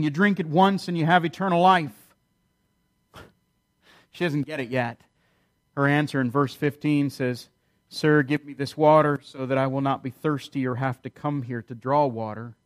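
Male pastor, higher-pitched voice, animated sermon delivery with sarcastic asides. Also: moderate pace.

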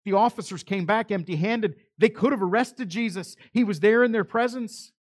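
A man delivering a sermon with a dramatic swing, voicing quoted speakers as he goes. His voice sits fairly high for a man. It sounds close and dry, with no room around it. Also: moderate pace, dry recording. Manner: dramatic preaching, acting out quoted voices, rising and dropping loudness. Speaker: pastor.

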